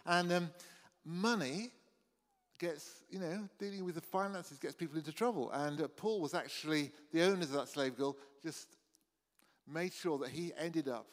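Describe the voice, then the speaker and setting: Man preaching, slightly high voice, conversational and earnest, long hall reverb. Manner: conversational, earnest, with frequent restarts and "you know". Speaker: pastor. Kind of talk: sermon. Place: church hall.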